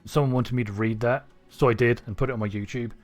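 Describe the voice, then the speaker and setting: Male streamer, neutral English accent, mid pitch, rambling self-talk over faint game music. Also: steady tone, fast. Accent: neutral southern English. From Cornwall, England. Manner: rambling, thinking aloud, self-questioning. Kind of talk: casual gameplay commentary.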